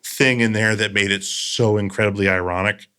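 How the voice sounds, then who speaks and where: A man with a lowish voice hosts a casual podcast chat. He tells stories earnestly and drifts into loose asides. The sound is a close studio microphone. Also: fairly even intonation, normal speed, bright, forceful tone, clean tone. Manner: storytelling, earnest, trailing asides. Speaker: podcast host.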